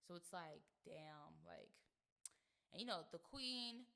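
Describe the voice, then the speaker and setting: A woman in her twenties hosting a podcast, chatting casually in an animated, slangy way and swearing freely. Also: fairly low pitch, slow pace. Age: 20s. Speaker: podcast host. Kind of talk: casual chat.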